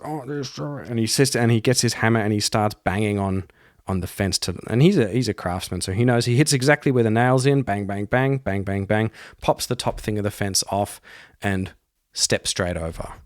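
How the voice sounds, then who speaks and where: A man's voice: fairly low pitch, no echo, clean studio sound. Man narrating a solo tabletop game. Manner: thinking aloud, rambling. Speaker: podcast host and solo player.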